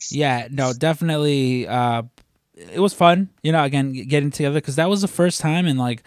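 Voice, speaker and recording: A man's voice: on the high side, brisk, dry recording. Rambling podcast co-host man, dry mic. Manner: rambling, many fillers and restarts. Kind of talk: casual chat.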